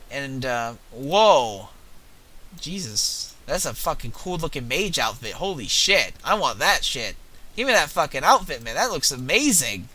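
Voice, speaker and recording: A young man giving casual, profane, excitable commentary while playing a video game. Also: mid-range voice, measured pace. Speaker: gaming video host.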